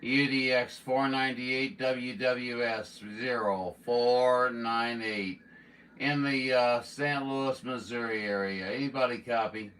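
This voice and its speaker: A man working as an amateur radio operator, calling for contacts and drawing out his call signs slowly. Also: medium pitch, steady tone, fairly bright tone. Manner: slow, drawn-out call signs. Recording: voice a bit far from the mic, faint hiss.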